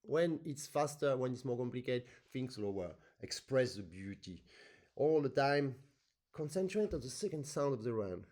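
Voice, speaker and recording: Man, accordion teacher, lively pitch, sings rhythm syllables. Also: normal speed. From France. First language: French. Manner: animated, sings rhythms in syllables, non-native English phrasing. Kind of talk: masterclass teaching with sung demonstrations.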